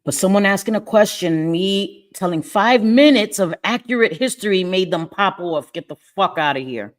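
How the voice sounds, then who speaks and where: A woman's voice: mid-range voice, expressive, normal speed. A middle-aged woman hosting a livestream, angry and profane, repeating herself as she talks to her chat. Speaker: livestream host. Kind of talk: heated livestream rant. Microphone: webcam or phone.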